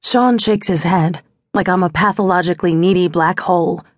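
Woman audiobook narrator, first person, wry and intimate, low-ish breathy voice, dry close mic. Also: fairly even intonation, normal speed, no room sound.

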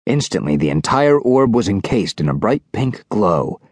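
A male audiobook narrator reading a children's story with lively, animated delivery. His voice sits on the low side and moves a lot, recorded close and dry. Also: moderate pace, no room sound. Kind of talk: scripted narration.

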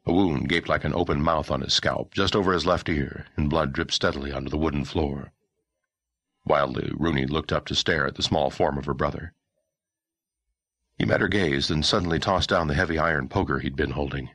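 A man narrating a historical novel audiobook in a measured, expressive storytelling manner. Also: very deep voice, slightly rough, dry recording. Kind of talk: scripted narration.

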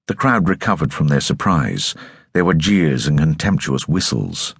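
A man narrating an audiobook in a measured, expressive storytelling manner, recorded on a studio microphone. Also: a bass voice, creaky, breathy edge, no echo. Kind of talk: scripted narration.

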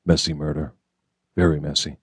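Guy reading a gruff brooding fed agent, low voice, dry close sound, clipped lines. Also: flat delivery, normal speed, dry recording, full character voice. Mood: grim. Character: grim brooding male federal agent. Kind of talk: audiobook character reading.

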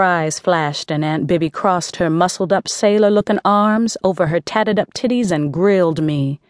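A woman's voice: low-pitched, normal speed, hardly any pauses, dry recording, studio quality. A woman narrating a first-person audiobook in a gritty, slangy street voice.

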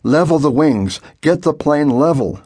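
A man's voice: a little high, animated, unhurried, a little mellow, husky, voice pushed up. A man voicing a tense male pilot, talking another plane down over the radio with urgent, pleading instructions.

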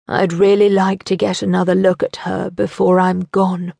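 A woman voicing a dying old man who speaks quietly, slowly and bluntly. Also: on the low side, level tone, vocal fry, no echo. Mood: weary. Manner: quiet, slow, matter-of-fact.

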